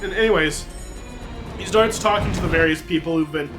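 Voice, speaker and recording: A man's voice: sits high, brisk, over music. A young adult man telling a long story in casual chat, rambling and profane.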